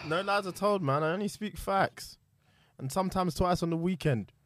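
A young man, bantering in casual podcast chat, animated and laughing often. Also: high-pitched, moderate pace, dry recording. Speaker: podcast co-host.

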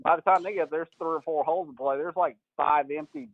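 A man, a golf coach guest, telling animated stories in a podcast interview and acting out what people said, laughing often. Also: a little high, fast talker, no echo, phone-quality sound. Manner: animated storyteller, acts out quotes, laughs often.

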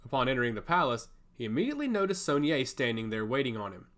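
A man narrates a fantasy story in a scripted, expressive reading. His pitch rises and falls a great deal, and his voice sits at a middle height. It suits serialized storytelling. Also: quick pace.

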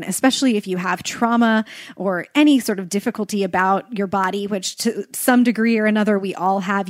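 A woman co-hosting a casual book podcast, speaking earnestly and sometimes confessing nerves. Her voice sits mid-pitch and the recording is close and dry. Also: dry recording. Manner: earnest, nervous about doing a book justice. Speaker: podcast co-host.

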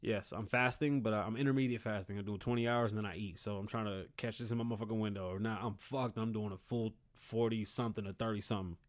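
A man's voice: lowish voice, steady tone, fast talker, hardly any pauses. Heated, foul-mouthed man ranting. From Puerto Rican. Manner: blunt, heated, heavy swearing. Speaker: podcast host. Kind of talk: casual profane rant.

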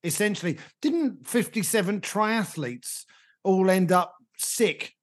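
A man's voice: high voice, animated, slow pace. A man with a British English accent, co-hosting a podcast and telling rambling comic anecdotes with chuckles. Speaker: podcast co-host. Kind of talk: casual chat.

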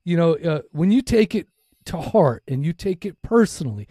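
A man's voice: a little high, very animated, moderate pace, mellow, husky, no room sound, studio quality. A man with a Minnesota accent hosting a podcast, talking bluntly in casual chat, swearing a lot and rambling. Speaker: podcast host.

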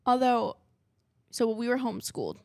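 A woman's voice: on the high side, very animated, moderate pace, vocal fry, a little mellow, dry recording. A young woman co-hosting a podcast in casual chat, giggly and prone to slipping into a put-on British accent. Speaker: podcast co-host.

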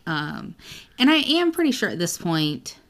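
A woman's voice: lowish voice, big pitch swings, a little slow. A young woman co-hosting a book podcast, chatting casually, swearing freely and reading passages aloud. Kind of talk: casual chat.

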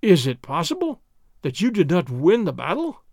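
A man voicing a mild, teasing young nobleman who speaks in a lively, mannered way. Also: sits high, normal speed, no room sound, studio quality, heavily acted. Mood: needling, mock-innocent.

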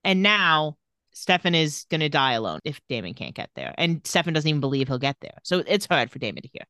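A woman co-hosting a podcast, casually recapping a TV episode and reading its dialogue aloud with shifting pitch and pace. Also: big pitch swings, a little fast, pushed and bright, no room sound, studio quality.

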